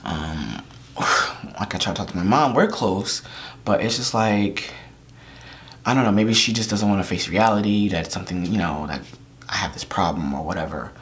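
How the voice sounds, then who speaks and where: Deep-voiced man fighting back tears. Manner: halting, trailing off into near-whispers. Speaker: vlogger. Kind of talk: confessional vlog. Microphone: camera mic.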